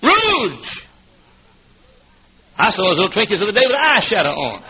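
A man preaching a fiery revival sermon in a church, swinging from shouts to hushed asides and coughing now and then. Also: high-pitched, wildly swooping pitch, moderate pace, slight background noise. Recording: dull lo-fi old recording.

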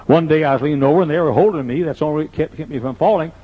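Older guy pastor, kinda husky, telling funny folksy stories in a sermon, dull old recording. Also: on the high side, rapid-fire. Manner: folksy, joking anecdotes. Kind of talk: humorous sermon storytelling.

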